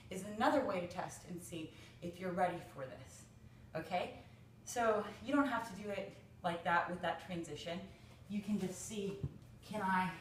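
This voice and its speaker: A woman's voice: mid-range voice, slight background noise. Woman yoga teacher, roomy and distant. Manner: encouraging, talks the viewer step by step through a pose. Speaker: yoga instructor. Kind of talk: spoken yoga tutorial. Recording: roomy echo, voice from a distance from the mic.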